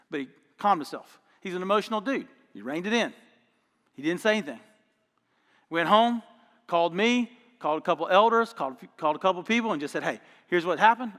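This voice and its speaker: A man's voice: high-pitched, expressive, a little fast, a bit bright, in a large hall. A man preaching a sermon as pastor, telling stories in an emphatic, folksy, conversational way. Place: church auditorium.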